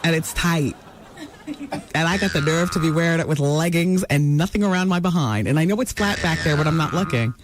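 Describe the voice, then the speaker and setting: A woman's voice: sits low, brisk, noisy background. A woman hosting a talk radio show, dishing celebrity gossip in a brassy, teasing manner.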